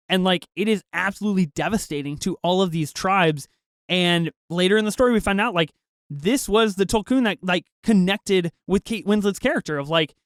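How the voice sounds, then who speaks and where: A man's voice: sits high, clean tone, dry recording. A man co-hosting a podcast, chatting casually about a film with enthusiasm, laughing often and using lots of fillers. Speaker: podcast co-host. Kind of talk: casual film review chat.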